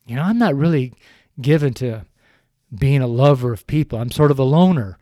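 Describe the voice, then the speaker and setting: Older man, tearful preacher, pleading, soft dark tone, dry close sound. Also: medium pitch, animated, moderate pace, dry recording. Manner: pleading, earnest, repetitive appeals. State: tearful, crying while speaking. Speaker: street preacher and podcast host. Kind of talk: heartfelt preaching on a podcast. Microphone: podcast microphone.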